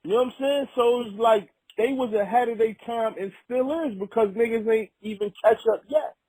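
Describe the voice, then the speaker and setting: A rapper from Harlem, talking as a guest in a casual conversation, full of street slang and frequent "you know what I'm saying.". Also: male voice, very high-pitched, steady tone, a little fast, dark tone, no room sound, rough recording. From Harlem, New York.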